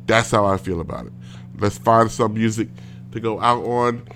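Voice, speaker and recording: A man's voice: lowish voice, moderate pace, fairly bright tone, slight background noise. A man hosting a casual solo show from home, ranting in a rambling way with many fillers and restarts. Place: home with a smart speaker.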